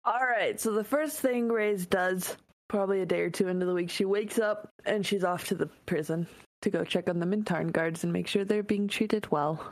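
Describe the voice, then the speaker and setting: A woman's voice: mid-range voice, moderate pace, no echo. A woman playing in a tabletop game, earnest and talking casually. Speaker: player.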